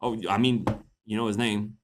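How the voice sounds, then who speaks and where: A man's voice: lowish voice, level tone, moderate pace, a little hiss or hum. A young man hosting a casual livestream, reading posts aloud, laughing often and swearing casually.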